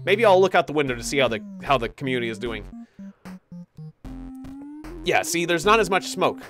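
A woman's voice: low voice, big pitch swings, a little fast, over music. A woman hosting a let's play, giving casual, giggly commentary and reading game text aloud.

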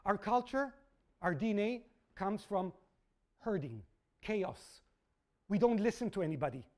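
A man's voice: high-pitched, a little slow. A middle-aged man giving an open university lecture, telling stories with quoted voices and checking in with the audience. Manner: animated storytelling with quoted voices; asks audience "yes?" and "okay?". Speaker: guest lecturer.

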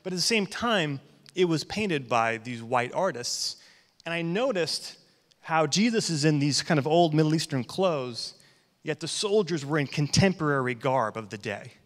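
A man in his thirties, a pastor, tells stories and jokes conversationally during his sermon, speaking at normal speed with a fairly high, lively voice. The church hall gives the recording a long reverb.

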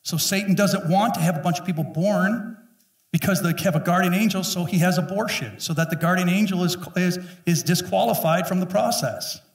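A man in his fifties preaching a sermon as pastor, emphatic and joking, often acting out quick voices. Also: high voice, creaky. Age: 50s. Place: church sanctuary. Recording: echoey room, mic at a distance.

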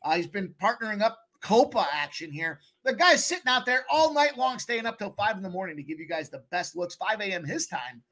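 A man hosting a sports betting live stream, hyping up his guests with slangy shout-outs in casual chat. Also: high voice, big pitch swings, a little fast, hardly any pauses. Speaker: host of a sports betting show.

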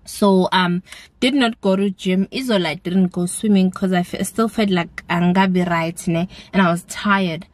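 Relaxed South African woman vlogging. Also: on the low side, measured pace. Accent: South African, mixing in isiZulu words. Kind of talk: casual vlog to camera.

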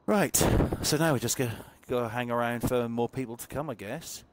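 A man streaming a racing game live, chatting loosely and excitably to viewers and swearing often as he plays. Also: medium pitch, moderate pace. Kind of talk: casual live-stream commentary while playing. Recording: racing game noise loud behind the voice. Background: game engine and car sounds.

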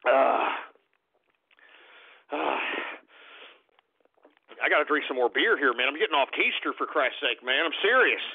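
A man's voice: a little high, lively intonation, measured pace, long pauses, slightly rough. A man hosting a radio show, ranting in exasperated, profane, stammering outbursts. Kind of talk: angry ranting monologue. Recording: tinny lo-fi phone-like sound.

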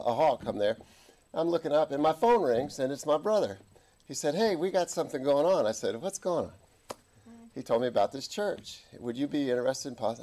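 A man's voice: medium pitch, darkish tone. A man preaching a folksy sermon as a guest chaplain, jovial and joking with the congregation. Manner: jovial, chuckling, folksy asides.

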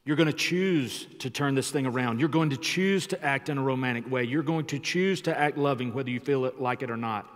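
A man preaching a sermon as pastor, emphatic and shifting his loudness for effect, in a church sanctuary. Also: mid-range voice, normal speed. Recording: long church hall reverb.

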